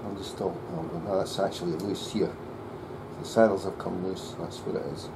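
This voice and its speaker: A man working as a luthier, muttering to himself as he sets up a bass in his workshop. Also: level tone, moderate pace, background noise. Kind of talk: workshop commentary.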